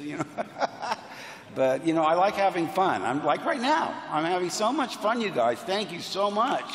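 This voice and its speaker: Playful man in a booming convention hall. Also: animated. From United States. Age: 60s. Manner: playful, enthusiastic, quick asides and self-deprecating jokes. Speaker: convention panel guest. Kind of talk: animated anecdotal storytelling. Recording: roomy hall reverb on PA.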